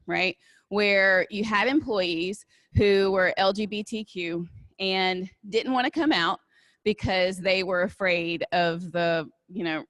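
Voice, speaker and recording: A woman's voice: on the low side, fairly bright tone, no room sound. Woman speaker with a Southern accent. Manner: conversational, asks "right?" often. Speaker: diversity and inclusion speaker. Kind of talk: live talk with audience Q&A.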